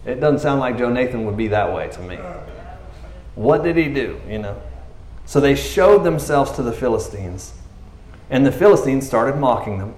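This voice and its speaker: Animated male preacher, echoey room. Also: medium pitch, normal speed. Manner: chatty, laughs often, acts out the story in voices. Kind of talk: casual, animated sermon.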